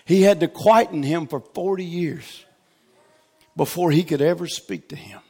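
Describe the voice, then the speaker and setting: A man preaching a revival sermon, swinging from shouted exhortation to hushed, near-whispered tenderness. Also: on the high side, moderate pace, creaky, breathy edge.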